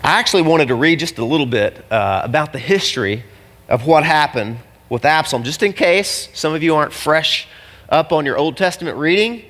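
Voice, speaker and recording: A pastor preaching in a church hall, his voice ringing with a long reverb. He talks in a casual, animated way and drops slangy asides to the congregation. His voice sits a little high for a man. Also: a little fast. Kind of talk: sermon.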